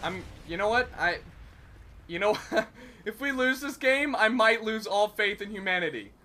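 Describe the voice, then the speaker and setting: Excitable, high-voiced young man commentating gameplay. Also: moderate pace. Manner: excitable, melodramatic, self-mocking. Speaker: gaming commentator.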